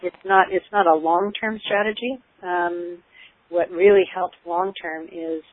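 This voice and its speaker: A woman's voice: lowish voice, fairly even intonation, a little slow, dry recording. Woman over a tinny phone line. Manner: earnest, explanatory, with frequent ums and restarts. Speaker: parenting expert guest. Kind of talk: conversational advice on a call.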